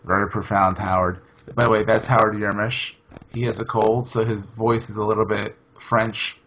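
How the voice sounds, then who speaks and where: A man's voice: lowish voice, level tone, normal speed, a bit bright, highs cut off, slight background noise. A man hosting a podcast, talking in a rambling, chatty way and often correcting himself mid-sentence. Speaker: podcast host. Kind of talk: casual chat.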